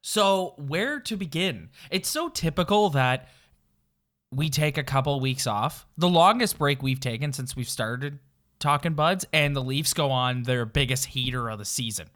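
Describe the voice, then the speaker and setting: Sports podcast co-host, male, stuffy nasal cold voice, rambling casual delivery, mid pitch. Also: lively intonation, measured pace, fairly bright tone. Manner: rambling, filler-heavy, emphatic.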